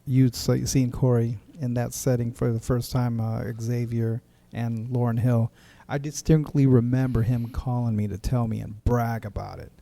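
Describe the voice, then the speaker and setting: A man co-hosting a podcast in relaxed chat, tripping over his first words as he eagerly recalls a story. His tone is mellow and warm. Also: mid-range voice, moderate pace, vocal fry, few pauses. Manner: stammering, enthusiastic recollection. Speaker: podcast co-host. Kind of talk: casual chat.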